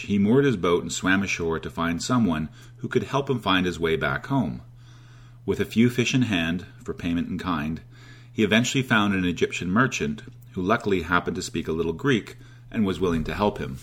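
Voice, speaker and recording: A man narrating a fable in a steady, even-paced reading style. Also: sits low, husky. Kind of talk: storytelling narration.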